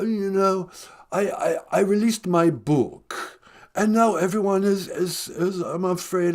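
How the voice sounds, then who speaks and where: A man doing a comedy impression of a hesitant, stammering prince, slow and mournful. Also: high-pitched, darkish tone, voice pushed down, exaggerated voice. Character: mopey posh British prince, male.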